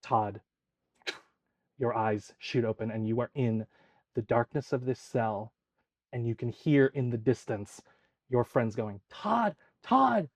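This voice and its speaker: A man's voice: mid-range voice, steady tone, unhurried, mellow, dry recording. A man acting as game master, narrating scenes in vivid, descriptive detail.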